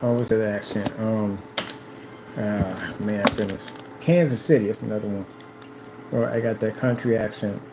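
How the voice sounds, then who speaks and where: A man talking casually and repetitively, hyping himself up while reading instructions aloud haltingly. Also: lowish voice, steady tone, background noise. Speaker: DIY projector screen vlogger. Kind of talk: casual self-recorded commentary.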